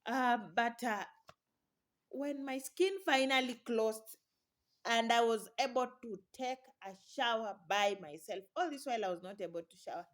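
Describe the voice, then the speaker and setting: A woman's voice: a little high, normal speed. A young woman talking casually to camera in her vlog, chatty and encouraging, laughing often. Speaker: vlogger.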